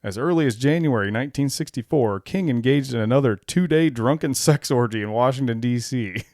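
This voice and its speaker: A man's voice: mid-range voice, brisk, darkish tone, no echo, clean studio sound. A man co-hosting a casual podcast chat, reading documents aloud, laughing often and swearing as he gets worked up. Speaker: podcast co-host.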